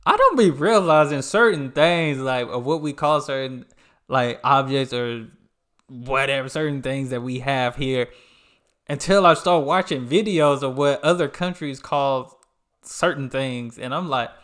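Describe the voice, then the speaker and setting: A man's voice: medium pitch, a little slow, fairly bright tone. A man from the United States hosting a reaction channel, chatting casually in a laid-back, slangy way. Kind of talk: casual chat.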